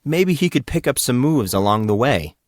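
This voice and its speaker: A man narrating an audiobook in a steady, measured reading voice. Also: mid-range voice.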